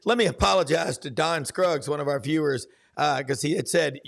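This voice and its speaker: Southern male sports podcast host, middle-aged, gravelly and slightly high, folksy and rambling. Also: normal speed, a bit bright. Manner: folksy, rambling with many fillers. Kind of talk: casual sports talk.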